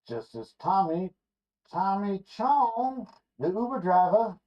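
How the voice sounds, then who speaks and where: A man reading a rough draft screenplay aloud in a loose, ad-libbing way, correcting himself with casual asides, in a dull lo-fi recording. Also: high-pitched, animated, takes it slowly. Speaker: screenplay reader.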